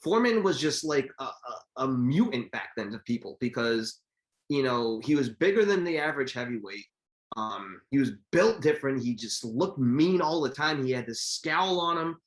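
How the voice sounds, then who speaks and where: Animated man retelling boxing stories. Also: mid-range voice, moderate pace. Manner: animated storyteller, acts out quotes. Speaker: podcast co-host. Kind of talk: casual chat.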